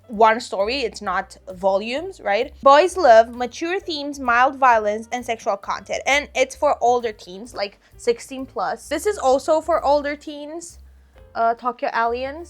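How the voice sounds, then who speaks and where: A woman vlogging a casual book haul, bubbly and giggly, gushing with excitement. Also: high-pitched, unhurried.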